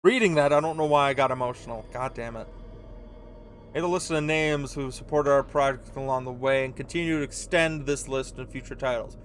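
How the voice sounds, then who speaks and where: A man's voice: medium pitch, brisk, a little hiss or hum. A man hosting a gaming video, reading on-screen game text aloud with casual commentary.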